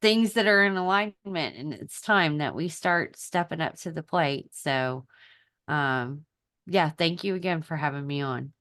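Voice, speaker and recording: A woman's voice: low voice, animated, a little slow, a bit bright, dry recording, studio quality. A woman guest in a casual video-call conversation, sounding appreciative and easygoing. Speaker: podcast guest.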